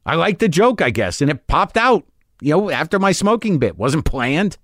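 A man recounts a painful story in an expressive, swearing voice that rises and falls widely. It is recorded close to the mic with almost no room sound. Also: on the high side, moderate pace, no echo. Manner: animated, profane, emotional, acts out his own past lines. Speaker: comedian. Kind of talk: storytelling in conversation.

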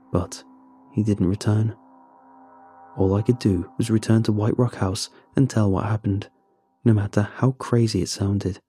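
Husky, low-voiced man narrating horror. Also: dark tone. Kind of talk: scripted first-person horror narration.

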